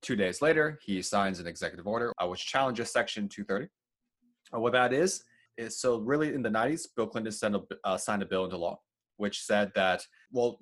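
A lower-pitched man co-hosts a podcast in casual conversation. He talks through news items at length and fills the gaps with asides and "uh"s, in a relaxed, chatty way. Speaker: podcast co-host. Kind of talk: casual chat and news rundown.

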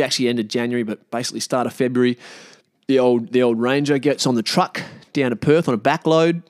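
An Australian man with a lowish voice hosts his own podcast, chatting casually and frankly in a rambling way full of restarts and fillers. The recording is dry and studio quality.

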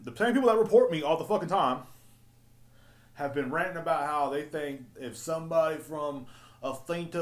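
A man ranting profanely and rambling as a podcast host. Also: mid-range voice. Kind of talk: casual solo rant. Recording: roomy echo.

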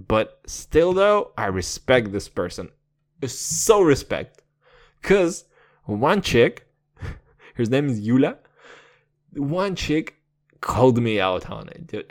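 Excitable, swearing podcast guy. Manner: excitable, profane, jokey, with big pitch swings. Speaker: podcast host. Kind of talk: casual podcast chat.

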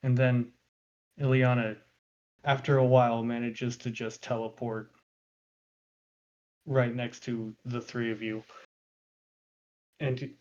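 A man narrating as game master of a tabletop game, in a measured way with many filler pauses. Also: medium pitch, level tone, darkish tone, highs cut off.

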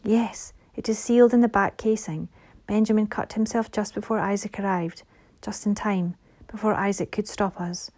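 A gentle, brave young heroine speaks softly in a fantasy audiobook, voiced by a woman reader. Her tone is mellow and warm. She speaks evenly and tenderly. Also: medium pitch, steady tone, moderate pace, lightly acted. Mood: hushed. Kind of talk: audiobook character voice.

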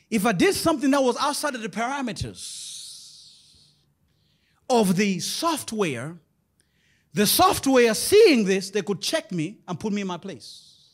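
A man preaching a sermon in a conversational way, often putting rhetorical questions to his listeners. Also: sits high.

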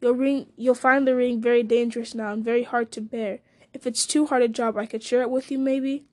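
A woman's voice: fairly high pitch, fairly even intonation, fairly quick, close to an everyday voice. A woman reading the part of a loyal, earnest male hobbit servant who talks plainly and deferentially. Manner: plain-spoken, homely, deferential.

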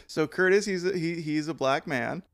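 Gravelly, bright-voiced man in casual chat. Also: on the high side, normal speed. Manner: guides the bit, laughs often.

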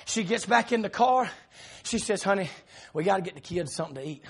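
A middle-aged man with a Southern accent preaching a sermon in church, telling a long story with frequent "uh" fillers and loud shouted peaks. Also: high voice, lively intonation, a little fast, vocal fry, slight background noise. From South Carolina.

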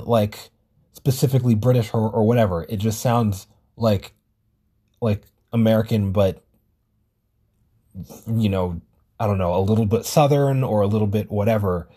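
Low husky man rambling casually. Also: unhurried, warm tone. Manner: rambling, swearing, self-correcting often. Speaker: podcast host. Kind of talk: casual solo monologue.

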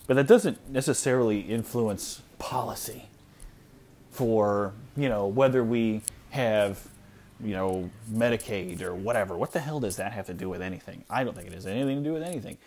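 A man's voice: lowish voice, moderate pace, a little mellow, slight background noise. A man in his thirties hosting a solo podcast, ranting bluntly and with exasperation, with lots of "like" fillers, recorded at home with his small kids nearby. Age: 30s. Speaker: podcast host.

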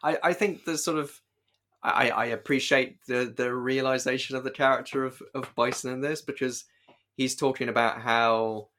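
A man's voice: mid-range voice, fairly even intonation, normal speed, fairly bright tone. A man co-hosting a podcast in casual chat, hesitant, with many restarts. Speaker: podcast co-host.

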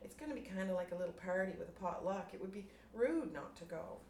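A woman voicing a self-centered, demanding girl, a little higher than her reading voice, in a roomy room from a distant mic. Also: expressive, fast, warm tone, a little hiss or hum, lightly acted. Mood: coaxing.

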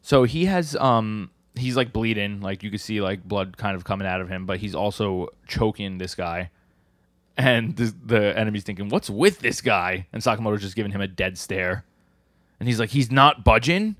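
A man with a lowish voice chats through a comic recap, leaning on fillers. He keeps slipping into brief, higher character voices for the quotes. The sound is dry and close to the mic. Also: no room sound. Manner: retells scenes, acting out character lines in quick voices; frequent fillers like "like" and "uh". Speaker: podcast co-host. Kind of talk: casual manga recap chat.

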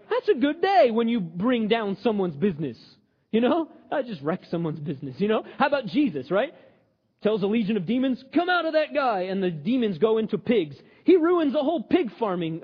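A man preaching a sermon in a lively, joking, conversational way. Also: high voice, husky. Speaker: pastor. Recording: dull audio with long hall reverb.

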